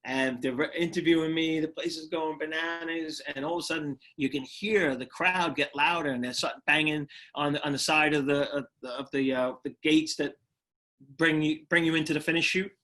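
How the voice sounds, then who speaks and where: A man's voice: a little high, steady tone, normal speed, sharp tone. New York man telling his story. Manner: repeats words and restarts often, laughs easily. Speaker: guest, retired firefighter and motivational speaker. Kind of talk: casual interview storytelling.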